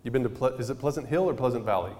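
A male preacher tells stories from the pulpit in a relaxed, conversational way, stopping now and then to quiz the congregation. His voice sits at a middle pitch. The sound carries a long reverb, like a big church hall. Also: rapid-fire. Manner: conversational, animated, addresses audience with questions. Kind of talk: storytelling sermon.

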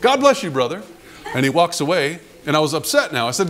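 A man's voice: a little high, fast. A man preaching a sermon, telling a personal story from his past and acting out the people in it. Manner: animated storyteller, acts out quotes. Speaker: pastor.

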